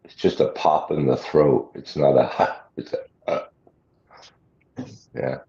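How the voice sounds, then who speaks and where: A man with a very low, mellow voice hosts a livestream, talking slowly in a laid-back way and chuckling often. The sound is muffled and lo-fi, with a roomy echo around him. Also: fairly even intonation, slight background noise. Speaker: livestream host. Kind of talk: casual chat. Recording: muffled lo-fi sound in an echoey room.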